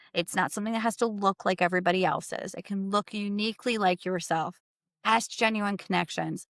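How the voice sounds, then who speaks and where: A woman guest on a podcast, telling a workplace story in a lively, conversational way and acting out the people she quotes. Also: mid-range voice, no echo, studio quality. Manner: animated, acts out quoted people. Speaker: podcast guest, wealth strategist.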